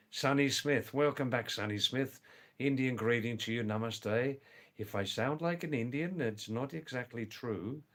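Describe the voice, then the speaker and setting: A man's voice: mid-range voice, a little slow, fairly bright tone. An older man hosting a casual livestream, chatting with viewers by name, teasing and repeating words for emphasis. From England and Australia. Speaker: livestream host. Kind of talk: casual live chat reading viewer messages.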